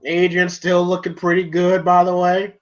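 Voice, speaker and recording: A man's voice: high-pitched, completely flat delivery, normal speed. A man casually recapping a film as a reviewer, rambling and filling his talk with "you know" and "like". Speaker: movie reviewer. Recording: dull lo-fi home recording.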